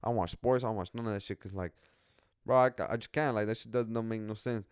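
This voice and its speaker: A man's voice: fairly low pitch, steady tone, quick pace, smooth, no room sound, studio quality. A young man hosting a podcast, talking casually in a rambling way with lots of slang, swearing and restarts. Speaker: podcast host.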